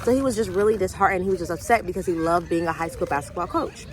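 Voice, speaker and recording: A woman's voice: lowish voice, fast talker. A young woman hosting a faith vlog, casually retelling a movie and acting out the characters' lines. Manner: chatty storyteller acting out quoted dialogue.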